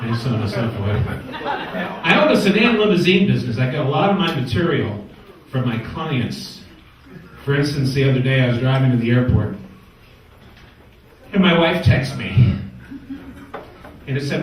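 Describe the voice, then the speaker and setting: Wisecracking New comic in an echoey room. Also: male voice, mid-range voice, moderate pace, long pauses, recorded from a distance. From New York. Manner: wisecracking, deadpan setups with punchlines. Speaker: stand-up comedian. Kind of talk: stand-up comedy set.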